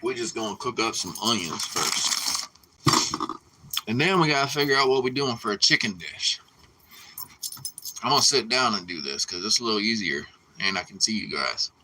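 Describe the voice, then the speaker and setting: A man's voice: on the low side, expressive, moderate pace, pauses often, very noisy. A man hosting a casual live cooking stream from his home kitchen, chatting loosely with viewers and swearing freely. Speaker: livestream cooking host.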